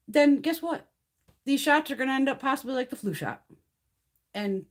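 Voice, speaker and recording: A brash middle-aged woman hosting a casual livestream chat. Her voice sits a little high and swings widely as she vents, swearing freely and laughing between points. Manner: blunt, profane, animated ranting with laughs. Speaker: beauty livestream host. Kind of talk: casual chat while reading live comments.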